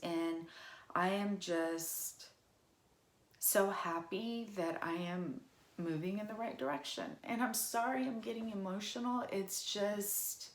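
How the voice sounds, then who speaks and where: A woman, speaking slowly in a lowish voice. She talks in a halting, emotional way, full of fillers and restarts. The recording has a roomy echo. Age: 40s. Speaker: vlogger. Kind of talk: casual personal vlog. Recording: echoey room.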